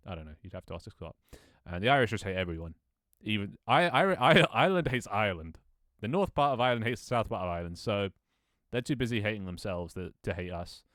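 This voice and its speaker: A man's voice: low voice, fast, no room sound, clean studio sound. A man with an English accent, chatting casually as a streamer, rambling and jokey and swearing freely. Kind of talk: casual live-stream chat.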